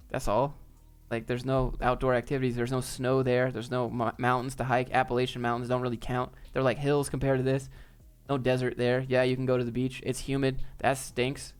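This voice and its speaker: A man's voice: mid-range voice, little pitch movement, moderate pace, clear, resonant tone, soft background music. A man hosting a casual live stream and answering viewer chat in a laid-back, joking, off-the-cuff way.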